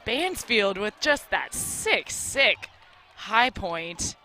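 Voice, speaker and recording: Bright-voiced female color commentator. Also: mid-range voice, very animated, drawn-out words, some chatter behind. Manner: enthusiastic, agreeable analysis. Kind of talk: live sports commentary.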